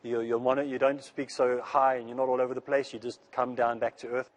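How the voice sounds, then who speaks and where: A man giving an earnest religious lecture in a rushing, rapid delivery, repeating phrases to make his point. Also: medium pitch, level tone. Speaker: Islamic speaker.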